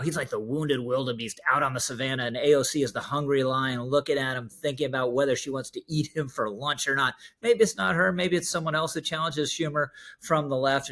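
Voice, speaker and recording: A man's voice: mid-range voice, a bit bright. A man delivering political opinion commentary in a wry, emphatic way.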